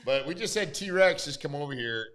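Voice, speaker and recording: A man's voice: fairly high pitch, expressive, a bit bright. Laughing, rambling male talk-show host. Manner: rambling, laughing, halting restarts. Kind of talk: casual live show chat.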